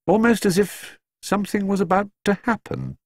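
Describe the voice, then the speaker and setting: A man's voice: high voice, steady tone, normal speed, darkish tone, dry recording, clean studio sound, voice pushed up. A man doing a fretful, fussing mother. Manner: fussing, worried. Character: fretful middle-aged mother.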